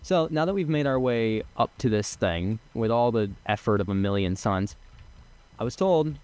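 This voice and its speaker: Excitable young man playing a game. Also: medium pitch, moderate pace, smooth. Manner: chatty, excitable, swears and laughs often. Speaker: gaming streamer. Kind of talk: casual let's-play commentary.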